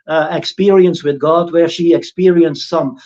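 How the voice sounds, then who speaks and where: A man's voice: on the high side, steady tone, normal speed, a little mellow, highs cut off. Man giving a rambling spiritual talk. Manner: rambling, frequent restarts, mocking impressions of critics. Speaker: spiritual teacher. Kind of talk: informal spiritual talk on a livestream.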